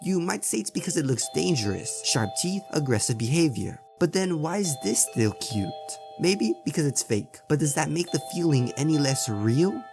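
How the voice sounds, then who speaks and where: A man with a fairly high, lively voice narrating a scripted video essay. He keeps asking the listener rhetorical questions. Clear background music plays under him. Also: moderate pace, hardly any pauses. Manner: asks many rhetorical questions.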